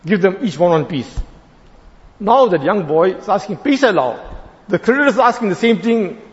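Animated preacher. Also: male voice, high-pitched, normal speed. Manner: animated, acts out voices in the story. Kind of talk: sermon with storytelling. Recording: long hall reverb, dull lo-fi sound.

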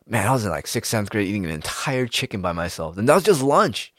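A man, rambling in a casual, profane monologue with sudden jumps in pitch. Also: very animated, fast, fairly bright tone, no echo, studio quality.

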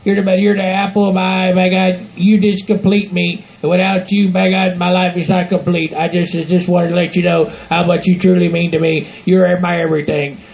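A man's voice: sits high, little pitch movement, darkish tone. A man playing a rowdy, folksy hillbilly husband, stammering and tacking "by God" onto everything. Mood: tender. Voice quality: gravelly, repeats "by God" constantly. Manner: halting, stammering, sentimental. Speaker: podcast regular. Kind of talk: comedic role-play podcast. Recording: dull lo-fi home recording.

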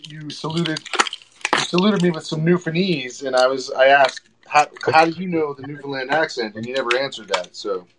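A man's voice: on the high side, fairly quick. A man chatting and teasing as a co-host on a casual livestream. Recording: noisy chatter in the background.

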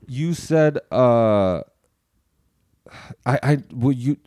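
A man defending himself in a podcast argument, halting and stammering as he tries to explain how he felt. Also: medium pitch, lively intonation, dark tone. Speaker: podcast co-host.

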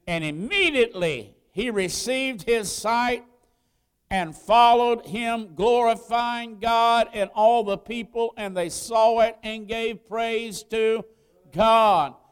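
High-pitched preacher guy, slow and clear, big hall echo behind him. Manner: preaching with rising emphasis, drawn-out stresses. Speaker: pastor. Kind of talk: sermon. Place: church sanctuary.

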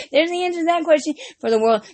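A woman hosting a casual, profane chat, laughing constantly and swinging from loud to quiet. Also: very high-pitched, heavy background noise. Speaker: podcast host.

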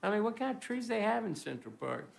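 A man from Texas giving a rambling, deadpan, self-mocking stand-up monologue as guest host on a stage before a live audience. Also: high voice, fast, gravelly, background noise. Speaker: comedy show guest host. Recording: roaring studio audience laughter.

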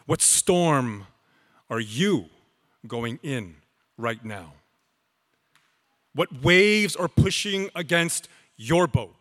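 A man preaching a sermon as pastor, slow and emphatic with dramatic pauses. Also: fairly high pitch, animated, a bit bright, big-room sound.

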